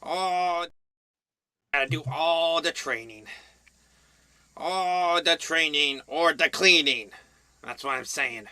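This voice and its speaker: Guy playing a slow, grumpy goblin ex-Padawan with a sharp, bright voice, dry close mic. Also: a little high, clean tone, no room sound, voice pushed up, heavily acted. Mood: grumbling. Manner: slow, grumbling, put-upon. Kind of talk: comic reviewer skit.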